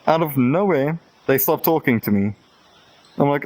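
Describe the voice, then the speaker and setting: A man's voice: a little high, lively intonation, moderate pace, darkish tone, rough recording. A man guest on a podcast, candidly telling a personal story in casual chat, acting out both sides of the exchanges and laughing now and then. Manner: candid, rambling storytelling with quoted back-and-forth.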